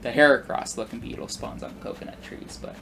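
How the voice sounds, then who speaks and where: Brisk and a bit bright, this gaming YouTuber in his twenties casually meanders through work stories over gameplay, full of "like" and restarts. A little hiss or hum sits under the recording.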